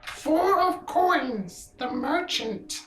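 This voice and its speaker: A woman voicing a solemn old female fortune-teller who reads cards in a slow, grave, portentous way. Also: high voice, lively intonation, a bit bright, reverberant, full character voice, low-quality recording.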